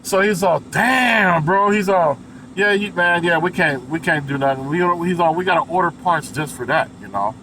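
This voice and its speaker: A truck driver chats to his viewers in a high, bright voice and tells a story at a lively clip. He slips into raised voices for the other people in it and swears freely. Faint traffic sounds outside. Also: normal speed, poor audio. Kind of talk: casual storytelling vlog.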